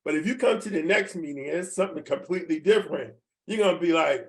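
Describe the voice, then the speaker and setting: Fairly high-pitched and fast-talking, this man in his seventies has lively intonation as he runs a video-call team training. He's folksy and repetitive, regularly questioning the audience to make sure they follow.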